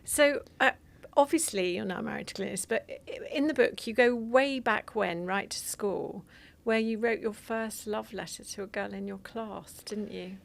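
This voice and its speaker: A woman hosts a relaxed interview, nudging her guest along with short questions and quick agreement. Her voice carries a noticeable gravelly fry. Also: medium pitch. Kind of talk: casual interview.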